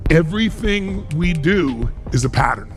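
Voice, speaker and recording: A man's voice: a little high, expressive, unhurried, faint music behind. A middle-aged man giving a motivational speech to a live audience, emphatic and full of rhetorical questions. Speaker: motivational speaker.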